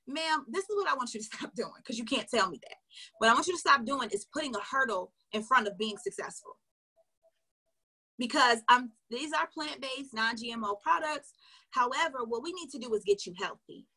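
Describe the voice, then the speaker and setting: A woman's voice: sits high, animated, moderate pace, sharp tone, breathy edge. A woman sales coach giving casual, emphatic advice straight to her viewers, chatty and often laughing. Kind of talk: casual motivational coaching talk. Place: recorded for an online video.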